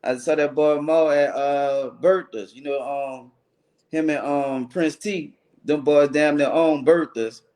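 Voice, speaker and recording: A man's voice: on the high side, steady tone, a little slow, a little mellow. Slangy man hosting a livestream. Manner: loose slangy banter, calls out viewers by name. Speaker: livestream show host. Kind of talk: casual livestream chat greeting viewers.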